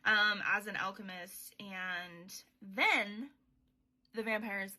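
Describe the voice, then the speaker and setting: A woman's voice: mid-range voice, steady tone, slow, sharp tone. A young woman hosting a podcast, recapping a book in a chatty, sweary way with sarcastic asides. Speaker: podcast host.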